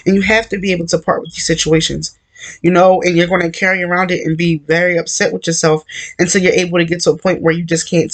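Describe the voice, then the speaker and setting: A man giving an earnest, conversational devotional talk, repeating his points and filling gaps with "like" and "you know.". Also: high-pitched. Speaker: Christian encourager.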